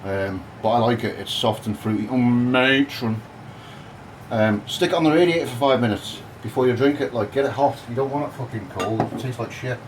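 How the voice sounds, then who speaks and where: A man's voice: mid-range voice, fast, hardly any pauses, background noise. A man giving a casual, cheeky and crude cooking demonstration in his home kitchen. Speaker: home cook.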